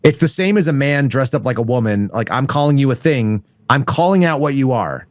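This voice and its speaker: A man's voice: mid-range voice, expressive, fairly quick, no echo. Middle-aged male guest, blunt and profane, dry close sound. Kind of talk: casual chat.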